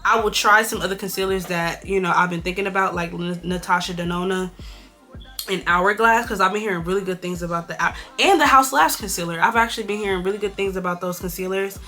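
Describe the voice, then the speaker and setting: A woman's voice: on the low side, quick pace, faint music behind. A young woman from California chatting bluntly and with plenty of swearing while doing a makeup tutorial. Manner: blunt, profane, animated gossip. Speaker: beauty vlogger.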